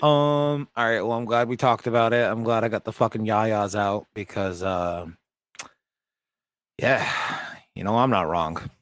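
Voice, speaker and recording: A man's voice: fairly low pitch, unhurried, no echo. A man co-hosting a podcast in casual chat, ranting bluntly with lots of swearing. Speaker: podcast co-host.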